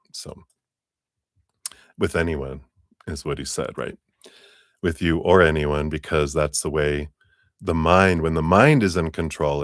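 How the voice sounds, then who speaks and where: Very deep-voiced man giving a rambling tarot reading. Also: no room sound, studio quality. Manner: rambling, laughs often, many fillers. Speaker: tarot reader.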